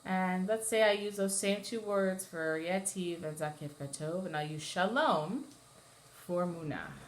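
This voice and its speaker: In this class lesson, a female cantor teaches Torah chanting, patiently walking through the material and singing brief chanted examples. Her voice sits fairly low, with fairly even intonation and a normal speed.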